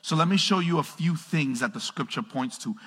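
Energetic pastor preaching in a big hall. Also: male voice, fairly high pitch, a little fast, husky. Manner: energetic, calls out to the congregation, swings from loud to hushed. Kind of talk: sermon. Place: church sanctuary. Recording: long reverb of a large hall.

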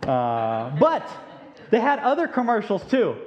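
A man with a high voice talks casually to a room of listeners, slipping into quoted lines as he goes. He speaks through a microphone, and the recording sounds dull and lo-fi. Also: huge pitch swings, a little slow, a little mellow. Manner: conversational, acts out quoted lines. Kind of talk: informal classroom talk. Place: room with a live audience.

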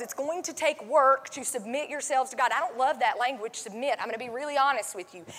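A woman pastor delivers a sermon in a relaxed, conversational way, leaning on fillers and asides to her congregation. Her voice sits a little high. The sound carries a long, echoing reverb from the sanctuary. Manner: conversational, many fillers like "like" and "um", drops to a soft hush when quoting. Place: church sanctuary.

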